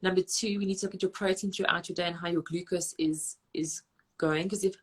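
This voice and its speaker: A woman dietitian, giving brisk, practical advice in lists during a live online Q&A. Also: lowish voice, fairly even intonation, breathy edge. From South Africa. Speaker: registered dietitian.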